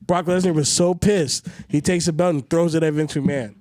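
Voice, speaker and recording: A man co-hosting a podcast in casual chat, ranting with lots of swearing and big swings in pitch. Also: steady tone, moderate pace, a little mellow, dry recording, clean studio sound. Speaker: podcast co-host.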